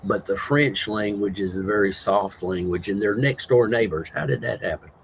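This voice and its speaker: A man with a rough voice hosting a livestream, chatting casually with viewers in a relaxed, rambling way with lots of fillers. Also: fairly low pitch, moderate pace, slight background noise, low-quality recording. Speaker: livestream host. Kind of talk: casual chat with live viewers.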